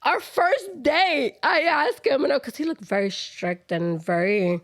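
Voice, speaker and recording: A woman hosting a casual chat, who interjects freely and has a loud laugh. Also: high-pitched, lively intonation, measured pace. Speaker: host.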